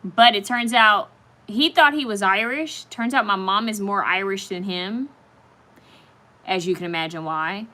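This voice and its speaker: A woman's voice: mid-range voice, a little slow, pushed and bright. A woman hosting a casual live stream, chatting straight to her viewers and reacting to their comments as they come in.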